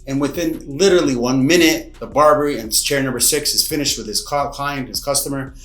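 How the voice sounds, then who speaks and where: Coach recounting a personal tale, mid-pitch man, animated, roomy echo. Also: brisk. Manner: lively, dramatic retelling with acted-out quotes. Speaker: martial arts coach. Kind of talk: casual storytelling to camera. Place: martial arts academy room. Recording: echoey room, faint music behind.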